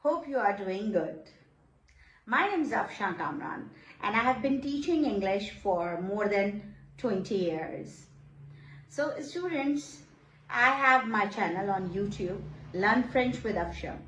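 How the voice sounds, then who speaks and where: A woman's voice: medium pitch, lively intonation, slow, a bit bright, reverberant, a little hiss or hum, rough recording. A middle-aged woman from Pakistan with a Pakistani accent and Urdu as her first language, teaching in a patient classroom manner, repeating phrases and checking in with "Okay?". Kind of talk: slow, patient classroom explanation.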